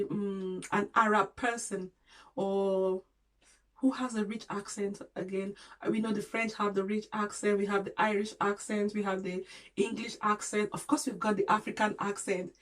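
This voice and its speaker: A woman's voice: mid-range voice, darkish tone, rough recording. A woman vlogger giving an earnest, encouraging talk to camera, loosely spoken with restarts and small grammar slips, repeating her points for emphasis.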